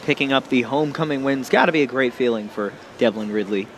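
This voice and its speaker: A man doing color commentary for a live wrestling show, measured and explanatory. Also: medium pitch, a little hiss or hum.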